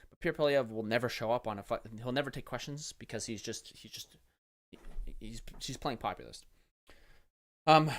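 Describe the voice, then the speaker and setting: A young man from Canada giving casual, profane, exasperated commentary as a streamer reacting to political clips, with frequent restarts. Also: mid-range voice.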